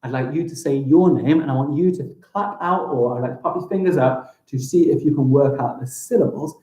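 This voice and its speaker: A young English man teaching a live-streamed primary school lesson, upbeat and encouraging, sounding out words slowly. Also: fairly high pitch, dark tone, reverberant, poor audio.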